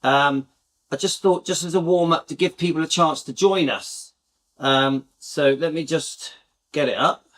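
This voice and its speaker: A man's voice: a little high, unhurried, a bit bright. A British man hosting his channel, chatting casually and enthusiastically to viewers in a rambling way. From Britain. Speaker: channel host.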